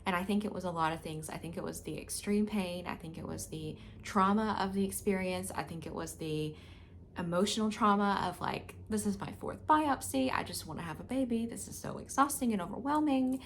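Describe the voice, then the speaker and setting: A woman's voice: mid-range voice, a little fast, slight background noise. A woman vlogger telling a personal story to camera in a candid, frank, emotional way, with plenty of filler words.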